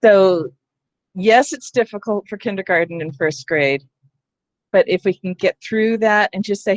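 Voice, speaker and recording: A woman's voice: medium pitch, normal speed, no room sound. A woman leading a teacher training session on reading, explaining in a conversational way and often checking in with her listeners. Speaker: literacy trainer.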